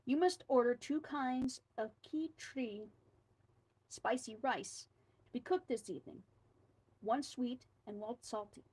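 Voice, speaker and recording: A woman reading a scary folk tale aloud, slipping in quiet asides between the lines. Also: fairly high pitch, slow pace, slightly rough, rough recording. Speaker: storyteller.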